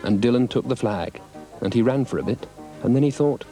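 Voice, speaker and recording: A lively, mellow male storyteller. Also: medium pitch, fairly quick, soft background music. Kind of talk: storybook reading doing all the voices.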